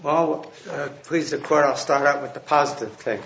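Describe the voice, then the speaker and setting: A man arguing a case before judges in a courtroom, halting and restarting often with fillers. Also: on the high side, creaky, a bit bright. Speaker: attorney arguing an appeal. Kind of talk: courtroom oral argument. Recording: echoey, muffled courtroom audio with faint hiss.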